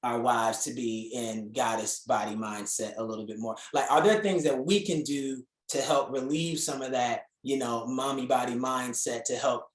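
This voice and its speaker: A male host asking his guest questions with eager enthusiasm, often tripping over and repeating his words. His voice sits at a middle pitch. The room adds a noticeable echo around him. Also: steady tone, normal speed, few pauses. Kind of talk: interview podcast hosting.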